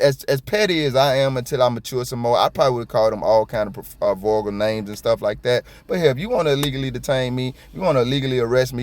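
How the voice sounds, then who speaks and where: Fast-talking blunt man riffing on camera. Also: medium pitch. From South Florida. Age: middle-aged. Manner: animated, blunt and profane, fast with stumbles. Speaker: copwatch commentator. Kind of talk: casual reaction commentary.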